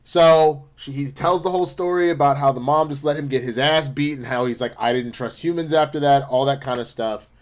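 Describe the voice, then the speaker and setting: A man's voice: on the high side, fairly quick, hardly any pauses. A man co-hosting a casual, profane review chat, rambling as he retells scenes and acts out the lines. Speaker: podcast co-host reviewing an animated episode.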